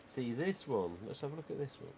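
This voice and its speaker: A man's voice: medium pitch, sing-song, brisk, creaky, warm tone, slight background noise. A man hosting a livestream, chatting casually and rambling with lots of "you know" asides. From England. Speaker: livestream host.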